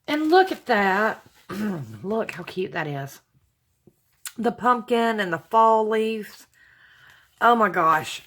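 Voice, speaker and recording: Brief: female vlog host, unhurried, sentimental, gushing over gifts, faint background hiss. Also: medium pitch, a bit bright. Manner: gushing, sentimental, exclaims often. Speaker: channel host opening viewer gifts. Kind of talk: casual unboxing chat to viewers.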